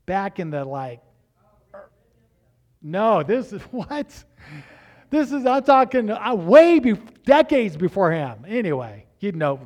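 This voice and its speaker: A middle-aged man preaching as a pastor, telling family stories with halting restarts and acting out the dialogue. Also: high voice. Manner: animated, acts out dialogue in raised voices; halting restarts and repeated words. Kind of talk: storytelling sermon.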